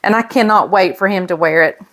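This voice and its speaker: A woman's voice: medium pitch, a little fast, a bit bright. A middle-aged woman, chatting casually and emotionally as she shows off gifts in a vlog. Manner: gushing, emotional, chatty with fillers. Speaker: pastor's wife and vlogger. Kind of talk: casual show-and-tell chat.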